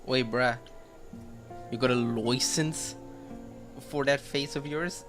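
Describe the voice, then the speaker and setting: A man's voice: medium pitch, steady tone, takes it slowly. A man streaming a game and joking in casual, slangy live commentary. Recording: game music playing behind.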